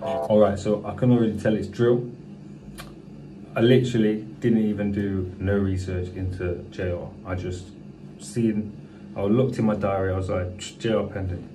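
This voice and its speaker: A man's voice: lowish voice, steady tone, normal speed. A young British man hosting a music reaction video, talking in a casual, slangy way and swearing freely. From United Kingdom. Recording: distant mic with rap track playing. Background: hip hop music.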